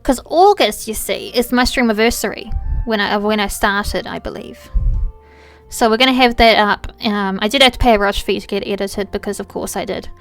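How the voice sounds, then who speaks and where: A woman streamer chatting casually while playing a game, animated and playful, with quick asides and some swearing. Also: mid-range voice, soft background music.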